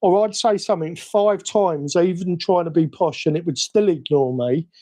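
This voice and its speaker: Cockney man, slightly high voice, mellow tone, easygoing live-stream chatter, self-mocking. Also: normal speed. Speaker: hobby livestream host. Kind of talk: casual live-stream chat while working.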